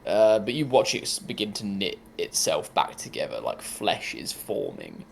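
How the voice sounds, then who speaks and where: A man's voice: sits low, huge pitch swings, normal speed, gravelly, slight background noise. A man narrating as game master, rambling with lots of ums and likes.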